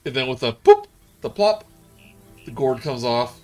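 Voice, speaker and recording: A male game master narrates a tabletop session in a relaxed, meandering way. He pads his lines with fillers and half-starts. His pitch sits at an ordinary middle height, with quiet music behind. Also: measured pace. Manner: casual, rambling narration with many fillers.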